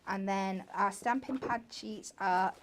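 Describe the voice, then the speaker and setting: A woman's voice: mid-range voice, slow, slight background noise. Chatty woman craft demonstrator. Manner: chatty, explaining step by step. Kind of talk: hands-on crafting demo. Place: TV craft studio.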